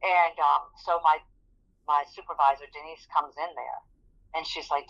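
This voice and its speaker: A woman's voice: low-pitched, steady tone, normal speed, creaky, fairly bright tone. A woman recounts her own story as a guest in an interview. She speaks earnestly and brings the moments to life by acting out what people said. The recording is somewhat dull and lo-fi. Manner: earnest, vivid storytelling that acts out quoted speech. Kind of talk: personal testimony in an interview.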